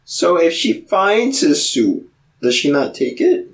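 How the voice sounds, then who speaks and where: A man with a somewhat higher voice co-hosts a casual podcast. He keeps firing questions at the others and rushes his words when he makes a point. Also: sing-song. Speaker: podcast co-host.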